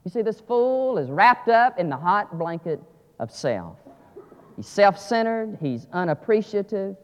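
A man preaching a sermon, dropping to quiet asides and rising to loud, emphatic climaxes. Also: very animated, measured pace. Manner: swings from low asides to shouted climaxes. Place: church sanctuary. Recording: lo-fi audio with long church reverb.

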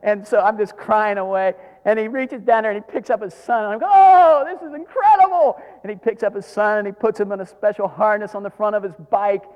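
A middle-aged man, preaching a sermon as a pastor, telling stories dramatically and swinging from hushed tones to shouts. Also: high voice, flat delivery, fast, hardly any pauses, dull audio. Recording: long hall reverb.

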